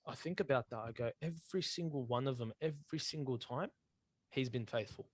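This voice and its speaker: Casting: male co-host, mid-pitched, earnest, slangy, close dry mic. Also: a little fast, husky, dry recording. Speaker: podcast co-host. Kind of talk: casual faith chat.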